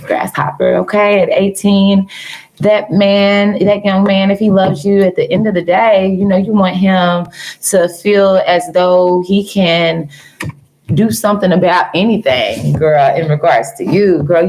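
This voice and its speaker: A woman's voice: on the low side, darkish tone, rough recording. A woman reading tarot cards on a live stream. She answers viewers in a casual, teasing way, calls them girl and baby, and mixes jokes with earnest advice. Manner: laughs often, jokes then turns earnest. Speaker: tarot reader livestreaming to viewers.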